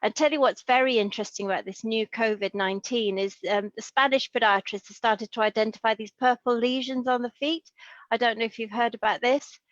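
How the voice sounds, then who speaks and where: A woman's voice: fairly high pitch, steady tone, brisk, fairly bright tone, no echo. A middle-aged woman from Liverpool, a consultant podiatrist, talks eagerly and chattily, with plenty of asides. Her call audio is dry and a little muffled. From Liverpool, England. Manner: chatty, enthusiastic, full of asides. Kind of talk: interview over video call.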